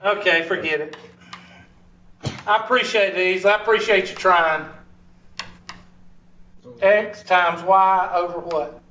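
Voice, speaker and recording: A man's voice: high voice, fairly even intonation, takes it slowly, long pauses, pushed and bright, slight background noise. A man with a Southern US accent teaching a math class, joking and teasing his students in a folksy way. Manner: teasing, folksy, heavy on "y'all". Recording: echoey classroom, distant, dull lo-fi.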